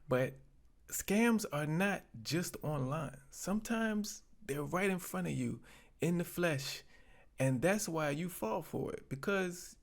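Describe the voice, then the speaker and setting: A man hosting his own channel, commenting in a relaxed, conversational way with informal grammar. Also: a little high, creaky. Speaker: channel host. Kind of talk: casual commentary to camera. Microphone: webcam.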